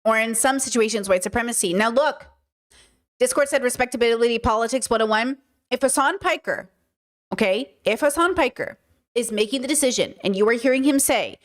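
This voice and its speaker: A woman with a slightly high voice hosts a commentary livestream, speaking briskly. She talks emphatically and throws rhetorical questions at her audience.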